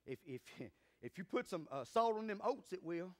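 A man preaching a sermon as pastor, fervent and calling for responses from the congregation, rising to loud emphatic peaks. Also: high-pitched, expressive, normal speed.

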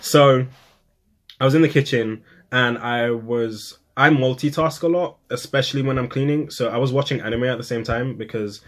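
A young man, a poet and vlogger, telling a personal story in casual talk to camera, acting out quotes with sudden high, excited bursts. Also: normal speed.

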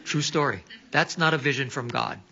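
A man preaching a sermon, telling stories with animation and dropping to hushed asides. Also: medium pitch, normal speed, vocal fry, muffled recording, some chatter behind. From Hawaii. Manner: animated storytelling, drops to hushed quoted asides. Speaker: pastor.

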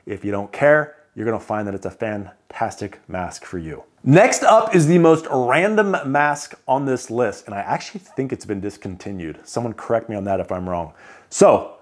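A man's voice: medium pitch, a little mellow. A man casually running through sleep equipment picks, chatty with joking asides. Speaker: CPAP equipment reviewer. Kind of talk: casual product rundown.

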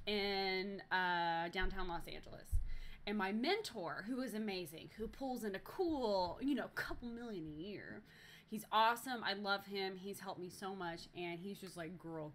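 A young woman chats on her live stream, telling a story in a bright, clear voice. She talks in a loose, animated way, swears freely, and trips over her own sentences with plenty of fillers. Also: medium pitch. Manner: animated, profane, lots of fillers and restarts.

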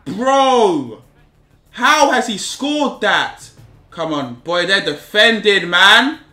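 A young man commentating live on his own football game, repeating himself and shouting in frustration at his players. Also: sits high, lively intonation, very slow, echoey room, faint music behind. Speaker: gaming YouTuber.

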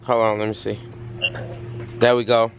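A man's voice: lowish voice, level tone, moderate pace. A man, a father hosting a casual family vlog from his backyard, chatting loosely to viewers and cheering his kids on. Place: windy backyard outdoors. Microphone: handheld phone. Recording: windy outdoor phone recording.

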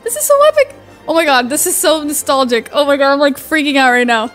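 A young woman hosting a video game let's-play, gushing excitedly with lots of "oh my gosh" and "like". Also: high-pitched, fast talker, faint music behind. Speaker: gaming YouTuber host.

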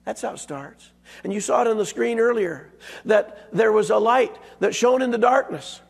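A hoarse man with a fairly high, raspy, gravelly voice preaches a sermon at normal speed. His folksy, emphatic style hits key words hard, and the long reverb of a church sanctuary surrounds him.

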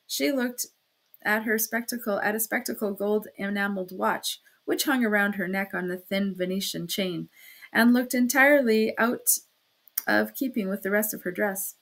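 A woman's voice: mid-range voice, fairly even intonation, normal speed, gravelly, fairly bright tone. Woman narrating a classic novel.

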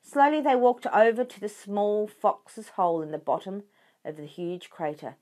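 A woman reading a children's book aloud in a clear, expressive way. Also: medium pitch, normal speed. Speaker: storyteller for children.

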